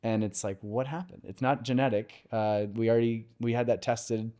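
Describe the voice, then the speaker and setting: A man who is a podcast guest and mortgage lender, telling a personal story in an open, conversational way with filler pauses. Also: mid-range voice, fairly even intonation, dark tone.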